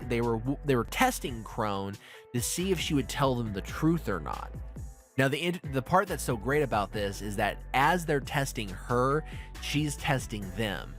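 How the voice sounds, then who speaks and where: A man hosting a podcast, recapping anime episodes in profane, animated casual chat. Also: mid-range voice. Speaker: podcast host.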